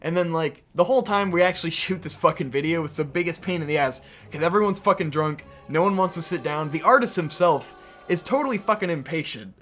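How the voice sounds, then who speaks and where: A man's voice: a little high, brisk, a bit bright, faint music behind. A young man co-hosting a podcast, telling a story in a casual, exasperated rant with heavy swearing. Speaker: podcast co-host.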